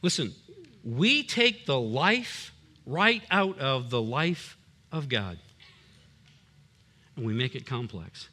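A man's voice: medium pitch, bright, forceful tone. A man preaching a sermon as a pastor, emphatic and punchy, with humorous asides.

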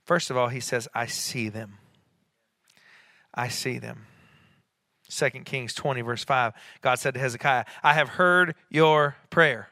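A middle-aged man preaching a sermon as a pastor, conversational, with quick asides and rising emphatic peaks. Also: medium pitch, little pitch movement, gravelly, sharp tone, dry recording, clean studio sound.

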